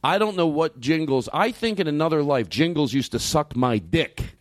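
A man hosting a comedy podcast, his slightly higher voice swinging up and down as he rambles and swears. The sound is close and dry, with no room around it. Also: normal speed, no echo. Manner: profane, rambling, animated. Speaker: podcast host. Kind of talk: casual comedic podcast banter. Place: podcast studio.

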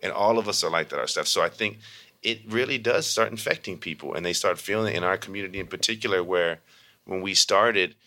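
A man's voice: low-pitched, a little fast. A man who teaches meditation, telling stories in a casual interview and acting out the voices of people he quotes. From Baltimore. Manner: animated, acts out voices in quotes.

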